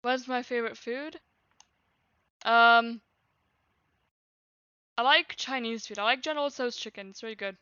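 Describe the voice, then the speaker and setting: A woman streamer reading her childhood journal aloud, lively and loud, with chatty asides. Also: a little high, unhurried, pauses often, clear, resonant tone, no room sound. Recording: dull lo-fi stream audio.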